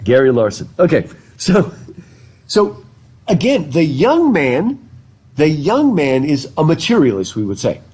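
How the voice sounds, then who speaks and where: A man's voice: fairly high pitch, huge pitch swings, a little slow, darkish tone. A man teaching a literature class in a casual lecture style, chatty, asking his students questions and restarting his sentences with repeated words. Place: classroom, recorded live. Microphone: through a face mask.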